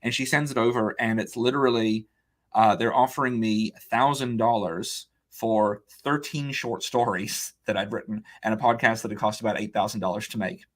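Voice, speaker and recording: An author and illustrator, guesting on an interview podcast, casually tells a long anecdote in a lowish voice at a moderate pace. He's animated, acting out what other people said, and uses plenty of "like" and "um."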